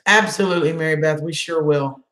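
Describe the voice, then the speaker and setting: A woman's voice: deep voice, fairly quick, a bit bright, reverberant. A woman hosting a casual live chat, emotional as she answers viewer comments. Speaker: channel host doing a live chat.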